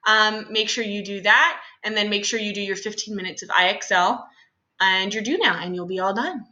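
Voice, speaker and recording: A woman's voice: mid-range voice, moderate pace, sharp tone, echoey room, muffled recording. A young adult woman teacher talking through a class lesson in a chatty, casual way with many fillers and asides.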